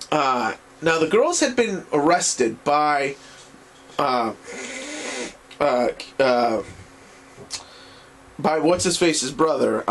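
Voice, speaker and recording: A man recapping an anime series in a casual video review, rambling and excitable and swearing freely. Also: mid-range voice, a little hiss or hum.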